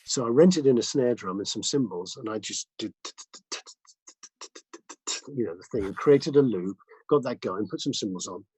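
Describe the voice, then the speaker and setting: A man, a mixing engineer, telling studio anecdotes as a guest in a casual interview, lively and full of restarts. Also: medium pitch, moderate pace, husky, dry recording, low-quality recording. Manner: animated anecdotes with many restarts and fillers.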